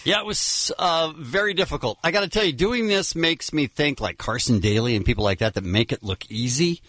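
A man's voice: on the high side, animated, fairly quick, a bit bright, dry recording. A man co-hosting a morning radio show, talking easily and joking at his own expense. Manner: self-deprecating, easygoing. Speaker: radio co-host. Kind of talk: casual radio banter.

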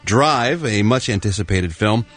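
A male radio co-host reading entertainment news in a jokey, animated way. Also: on the low side, measured pace, soft background music.

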